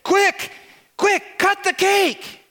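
A preacher putting on the voice of a blunt diner owner, high and loud. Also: male voice, level tone, extremely slow, exaggerated voice. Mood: urgent. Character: gruff male diner owner, blunt and brisk.

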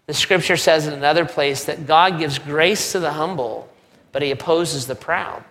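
A male pastor preaching a sermon in a conversational, animated way, with joking asides. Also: fairly high pitch, normal speed. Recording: long reverb of a large hall.

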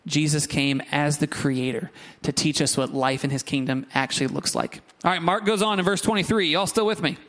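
A man preaching a sermon, lively and conversational, with asides to the congregation. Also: a little high, a little fast. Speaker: pastor.

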